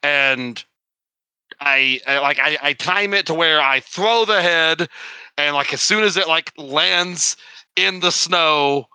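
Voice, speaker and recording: A man describing his character's actions in a tabletop game, unhurried and laughing often. His voice is sharply bright and slightly high. The recording is dry and close. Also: clear, resonant tone, no echo. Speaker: player. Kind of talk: tabletop role-play chat.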